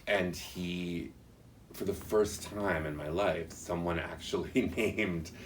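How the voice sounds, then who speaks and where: Male interviewee, very low voice, reflective and halting, faint background hiss. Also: far from the mic. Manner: earnest, halting, reflective storytelling. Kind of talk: personal account in an interview.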